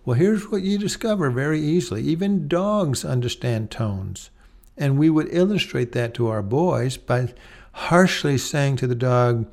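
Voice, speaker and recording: A middle-aged man preaching in an even, medium-pitched voice. He speaks plainly and conversationally, then draws out key words slowly for weight. At times he breaks into a louder, higher voice to act out a scene. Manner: slow, deliberate emphasis on key words; acts out dog-talk and scolding in a raised voice. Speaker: pastor. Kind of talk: sermon.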